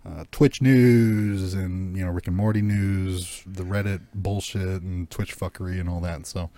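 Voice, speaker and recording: A man's voice: sits low, steady tone, unhurried, dark tone. A young man hosting a casual podcast, rambling loosely with lots of fillers and swearing. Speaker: podcast host. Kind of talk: casual chat.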